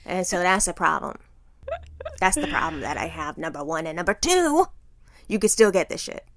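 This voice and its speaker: A woman's voice: fairly low pitch, very animated, moderate pace, dry recording, clean studio sound. A woman co-hosting a podcast in casual chat, blunt and emphatic, with plenty of cussing. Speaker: podcast co-host.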